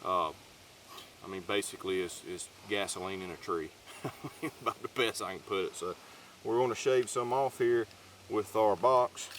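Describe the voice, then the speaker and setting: A man with a Southern US accent giving a casual, chatty outdoor gear demo in the woods, folksy and quick to laugh at himself. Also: on the low side, fairly bright tone, a little hiss or hum. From North Carolina, US South. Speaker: gear reviewer.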